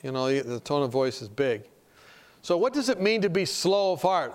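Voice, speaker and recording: A man's voice: fairly high pitch, sing-song, a little slow, pauses often. Direct, storytelling male preacher. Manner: direct, storytelling, asks the audience questions. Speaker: preacher teaching a class. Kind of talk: conversational sermon with stories.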